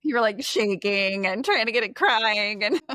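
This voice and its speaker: A woman's voice: medium pitch, animated, a little slow, bright, forceful tone, dry recording, studio quality. A woman hosting a podcast, asking friendly questions and reacting with short exclamations. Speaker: podcast host. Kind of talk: casual interview.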